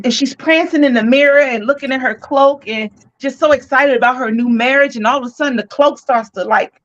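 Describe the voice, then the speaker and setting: A woman co-hosting a podcast, telling a story with lively, cursing slang. Her voice sits fairly high. The recording is dull and lo-fi. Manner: animated, profane, slangy retelling. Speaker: podcast co-host. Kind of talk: casual storytelling.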